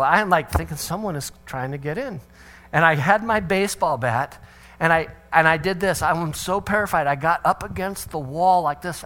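A middle-aged man giving a sermon-style talk on parenting, an animated storyteller who acts out voices. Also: sits high. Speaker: speaker on parenting.

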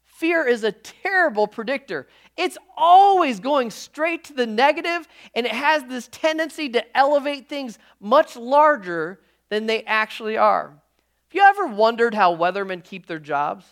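A pastor preaches in a loose, talky way, restarting his sentences as his thoughts race ahead. He breaks off now and then for a quick joke to the room. His voice is a man's, relaxed and personal. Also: very high voice. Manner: lively conversational preaching with frequent restarts; jokey asides to the congregation. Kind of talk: sermon.

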